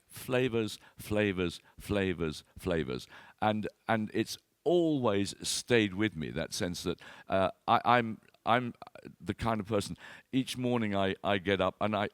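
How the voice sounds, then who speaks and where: A man past sixty with a lowish voice tells comic stories about himself to a live audience. He halts, repeats words and scatters fillers as he goes, and lands his punchlines with timing. The sound is dry and close, with no room echo. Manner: self-deprecating storyteller with comic timing. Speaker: wine expert speaker. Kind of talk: anecdotal talk to an audience.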